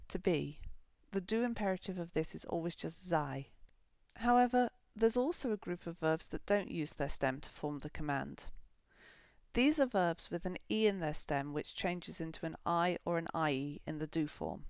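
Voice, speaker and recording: A woman hosting a podcast, giving a scripted, measured German grammar lesson. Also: fairly low pitch, darkish tone, no room sound. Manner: measured, clear explanatory delivery.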